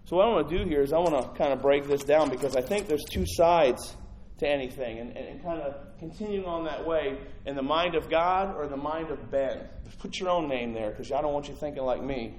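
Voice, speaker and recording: A male pastor preaching a sermon in an animated, conversational way, swinging from loud to hushed. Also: medium pitch, a little fast, a little hiss or hum, rough recording.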